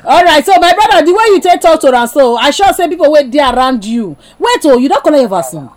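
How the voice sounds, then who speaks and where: A woman's voice: sits high, big pitch swings, quick pace, darkish tone. Nigerian Pidgin woman hosting a radio call-in. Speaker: radio host. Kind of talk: phone-in radio show.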